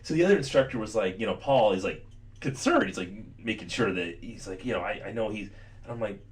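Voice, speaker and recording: A man's voice: on the low side, lively intonation, quick pace. A man hosting a podcast, a laid-back storyteller who swears and laughs often in casual chat. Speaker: podcast host.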